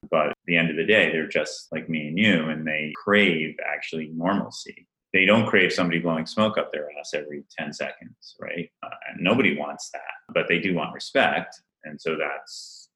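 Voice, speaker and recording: Brief: deep, bright-toned man, forties, laughing, animated storyteller, roomy echo. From Rhode Island. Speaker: event planner guest. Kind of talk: casual interview chat.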